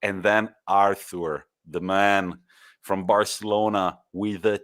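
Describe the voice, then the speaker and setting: Guy, real low voice, lively casual football banter, laughs a lot. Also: takes it slowly. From Italy. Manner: lively storytelling, laughs and swears. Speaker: podcast co-host.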